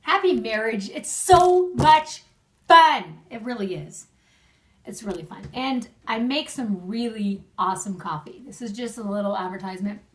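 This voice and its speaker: A woman's voice: mid-range voice, normal speed, distant mic. A young adult woman giving friendly marriage advice in a casual video message, chatty and laughing often. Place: at home.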